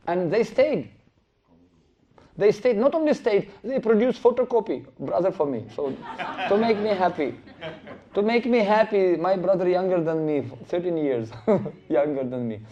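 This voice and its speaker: A middle-aged man giving a spiritual lecture, telling stories in an animated way and acting out the quotes, on a dull lo-fi recording. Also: high-pitched, moderate pace. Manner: animated storytelling with acted-out quotes. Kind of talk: sermon storytelling.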